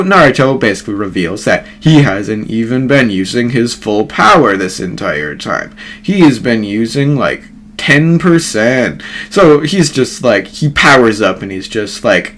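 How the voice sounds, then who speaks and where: A man's voice: medium pitch, big pitch swings, normal speed, fairly bright tone. A man casually narrating a fan story, rambling and swearing, full of fillers. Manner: rambling, profane, filler-heavy.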